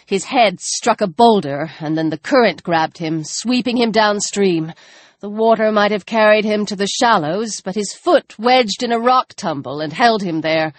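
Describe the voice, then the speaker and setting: A woman narrating a tense, dramatic novel, dropping her voice low for grim moments. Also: normal speed, no echo. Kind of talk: audiobook narration.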